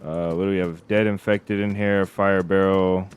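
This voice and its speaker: A man's voice: low voice, moderate pace, dull audio, a little hiss or hum. A man streaming a survival game, chatting casually and rambling with his viewers. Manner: relaxed, rambling, chats with viewers. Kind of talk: casual live-stream commentary.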